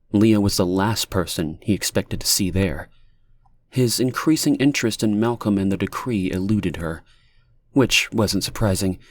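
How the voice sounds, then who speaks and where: Low-voiced man narrating an audiobook. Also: no echo.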